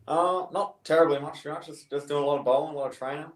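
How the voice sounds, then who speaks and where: A young man answering interview questions, relaxed and hesitant, with many ums. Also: a little high, very fast, roomy sound. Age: young adult. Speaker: guest.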